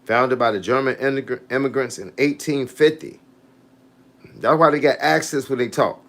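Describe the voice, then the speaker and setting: A man with a mid-range, fairly bright voice and a moderate pace hosts a casual livestream as a fitness coach. In his relaxed way, he repeatedly begins with "hey, look" and reads and answers comments from his viewers.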